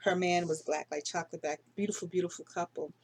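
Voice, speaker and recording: A woman's voice: lowish voice, steady tone, fast talker, husky. A middle-aged woman talking casually through her dreams in a rambling, unsure way, full of fillers and self-corrections. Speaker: dream vlogger. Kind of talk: casual dream diary monologue.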